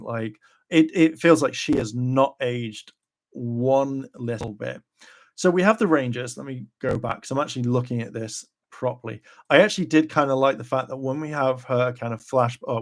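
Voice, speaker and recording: A man hosting a casual live reaction video, rambling with lots of fillers and acting out characters' lines in quick bursts. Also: mid-range voice. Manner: rambling, heavy with "kind of" and "like" fillers.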